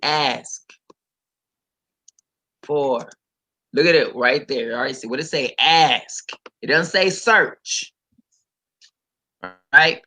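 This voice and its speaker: A man's voice: medium pitch, slow, pauses often, bright, forceful tone, poor audio. A man preaching casually on a livestream, talking straight to his viewers, reading scripture aloud and commenting on it, with emphatic repetition.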